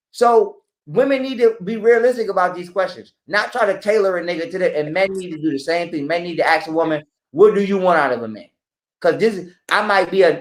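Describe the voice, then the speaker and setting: A man with a high voice lecturing his audience in blunt, profane terms. He sounds like he is talking live in a roomy, echoing space. His delivery is preachy and direct. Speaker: podcast guest. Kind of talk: casual live-stream talk.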